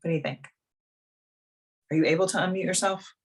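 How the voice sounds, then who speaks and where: A woman's voice: on the low side, a little fast, husky. A woman life coach hosting a live video coaching call, talking frankly and bluntly in a casual, chatty way.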